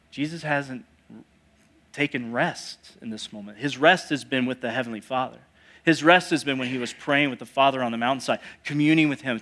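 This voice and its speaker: A male pastor preaching a sermon, moving between hushed asides and loud, emphatic declarations and putting rhetorical questions to the congregation. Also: mid-range voice.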